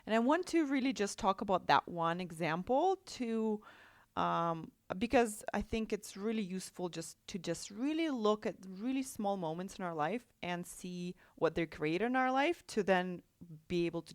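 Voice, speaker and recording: A woman's voice: mid-range voice, big pitch swings, normal speed, dry recording. Chatty woman, dry mic. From Russia. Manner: chatty, with many restarts and rhetorical "right?". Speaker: podcast host and life coach. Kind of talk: solo podcast talk.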